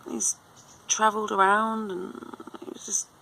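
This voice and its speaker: A woman's voice: medium pitch, flat delivery, measured pace, vocal fry, bright, forceful tone, slight background noise, rough recording. A woman in her thirties telling a long story in a rambling, casual way, full of fillers and restarts. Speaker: vlogger.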